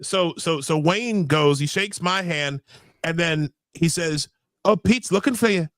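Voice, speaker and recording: A man's voice: fairly high pitch, a little slow, fairly bright tone, no echo. A man hosting a podcast, reading quotes aloud with sarcastic asides, swearing and stammering through restarts. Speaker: podcast host. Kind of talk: casual podcast chat, reading documents aloud.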